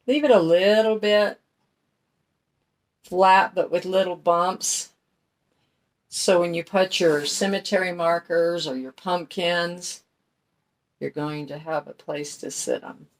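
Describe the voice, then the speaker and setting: A middle-aged woman hosting a crafting channel, chatting in a folksy way while she paints and explains each step. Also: deep voice. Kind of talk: casual craft tutorial talk.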